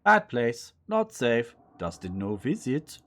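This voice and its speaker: A man's voice: wildly swooping pitch, slow, fairly bright tone, heavily acted. A man voicing a small, timid male possum that talks in broken, simple phrases. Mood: fearful. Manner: broken simple speech, high and nervous.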